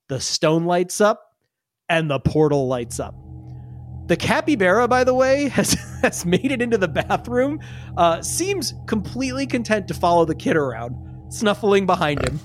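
A game master narrating a tabletop game, rambling and often laughing. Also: mid-range voice.

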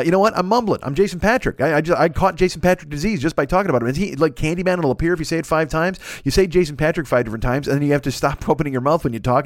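Fast-talking profane comic man. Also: mid-range voice, dry recording, studio quality. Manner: profane, riffing, mock-ranting with put-on voices. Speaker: comedy podcast host. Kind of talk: rambling comic monologue.

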